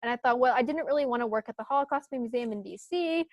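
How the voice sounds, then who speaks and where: A woman's voice: a little high, fast talker, no echo. A young woman in her twenties, a guest on a podcast, talking in a chatty, upbeat way and laughing often. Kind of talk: casual podcast interview.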